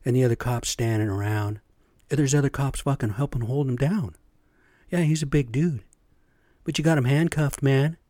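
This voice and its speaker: A man's voice: mid-range voice, moderate pace, dark tone, no echo, studio quality. A middle-aged man ranting bluntly in a casual monologue, swearing often and tagging lines with "right?" and "okay?". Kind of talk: impassioned personal rant.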